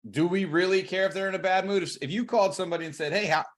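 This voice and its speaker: A man coaching on cold calling, energetic and acting out both sides of the calls. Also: high voice, racing. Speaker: real estate coach.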